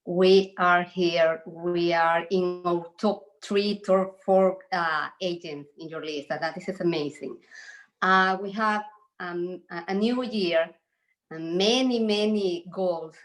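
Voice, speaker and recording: Slow-talking woman with a Spanish accent. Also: on the low side. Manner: halting, laughs often. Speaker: insurance agent. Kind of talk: video call chat.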